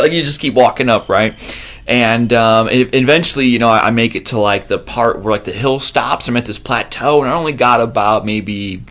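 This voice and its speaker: A man's voice: mid-range voice, a little fast, a bit bright, soft background music. A young man telling a story casually, acting out his own gasps and panicked cries. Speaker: vlogger.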